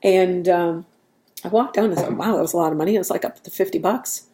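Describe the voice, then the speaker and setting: A woman's voice: lowish voice, fast talker, warm tone. A woman talking in a casual, rambling way at home, laughing at herself as she goes. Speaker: vlogger. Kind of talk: casual chat.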